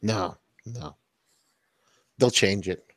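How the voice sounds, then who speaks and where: A man with a low voice co-hosting a casual round-table podcast. His replies are short and dry, and the sound is close and dry with no room echo. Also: extremely slow. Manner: brief agreeing replies, dry quips. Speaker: podcast co-host.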